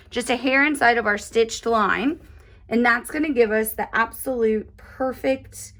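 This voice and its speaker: A woman's voice: a little high, bright, forceful tone. A woman hosting a chatty step-by-step embroidery tutorial, cheerful and gushing, laughing often.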